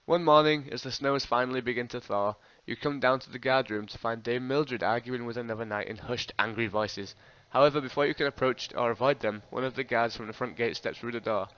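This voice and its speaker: A man reading an interactive fiction game aloud, expressive and breaking off with laughing asides. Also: medium pitch, a little fast, few pauses. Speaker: host. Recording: dull lo-fi recording.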